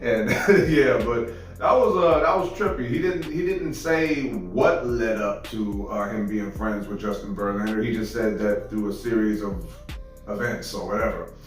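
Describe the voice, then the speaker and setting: A man's voice: lowish voice, moderate pace, very echoey, distant mic, soft background music, rough recording. A man hosting a reaction video, talking in a laid-back, rambling way full of fillers. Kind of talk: casual reaction commentary.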